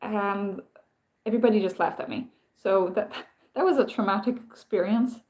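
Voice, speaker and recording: A woman hosts a casual live stream with a voice of ordinary pitch. She rambles through her stories, often stops and starts her sentences again, and turns to read and answer viewer comments. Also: normal speed, a little mellow. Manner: rambling, self-interrupting storytelling with many restarts.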